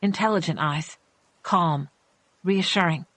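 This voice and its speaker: A woman with a lowish voice narrating a suspense audiobook, measured and tense. The recording is close and completely dry. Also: a bit bright, dry recording. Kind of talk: scripted thriller narration.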